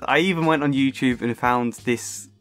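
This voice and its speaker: A man from Suffolk with a faint English accent and only slight local traces, narrating a personal film video essay in a chatty, self-aware way with soft laughs and ums. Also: mid-range voice, moderate pace. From Suffolk, England. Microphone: close home microphone.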